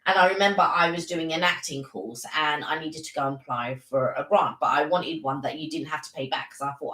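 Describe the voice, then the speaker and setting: Low-voiced woman co-host, rambling. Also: fairly quick, hardly any pauses, a bit bright, echoey room, rough recording. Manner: rambling anecdotes with many fillers. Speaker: live stream co-host. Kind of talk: casual chat.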